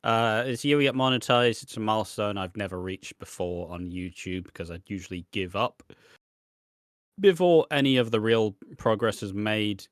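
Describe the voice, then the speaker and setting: A man's voice: on the low side, moderate pace, no echo, clean studio sound. A man co-hosting a podcast in casual chat, laid-back and casually swearing. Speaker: podcast co-host.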